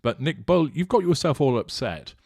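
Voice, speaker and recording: A man with a British accent, hosting a channel and answering viewer comments in a mocking, deliberate way. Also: fairly high pitch, sing-song, vocal fry, a little mellow, no room sound, studio quality. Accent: British English. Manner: sardonic, mocking, deliberate and measured.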